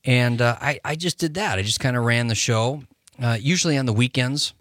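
A man's voice: mid-range voice, brisk, a bit bright, no echo, studio quality. A man chatting as a guest on a radio show, rambling and laughing often. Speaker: musician guest. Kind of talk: casual radio interview.

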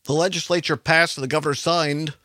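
A man's voice: on the high side, fairly even intonation, a little fast, pushed and bright, no room sound, studio quality. A man hosting a radio talk show, giving emphatic, conversational commentary and sometimes correcting himself mid-sentence.

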